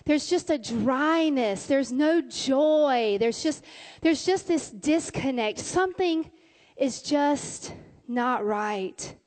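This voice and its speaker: Slow, high-voiced woman pastor. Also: animated. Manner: soft, deliberate, consoling. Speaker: women's pastor. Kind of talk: sermon. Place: church sanctuary.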